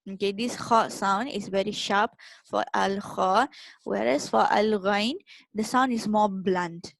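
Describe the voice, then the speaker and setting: Slow, patient woman teaching recitation. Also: mid-range voice, creaky, no echo. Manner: patient, repeats each sound slowly for learners. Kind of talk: tajwid lesson, demonstrating letter sounds.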